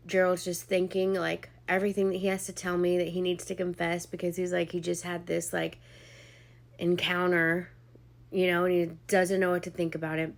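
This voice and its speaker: A young woman vlogger shares a personal testimony to camera in a casual, chatty way, heavy on "like" and "um," and acts out quoted dialogue. Her voice is lowish and creaky with a completely flat delivery at a moderate pace, yet she grows emotional, near tears at points.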